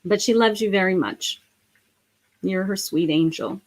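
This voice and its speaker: A middle-aged woman giving a live psychic reading, speaking gently and emotionally with many pauses and fillers. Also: medium pitch. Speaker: psychic medium.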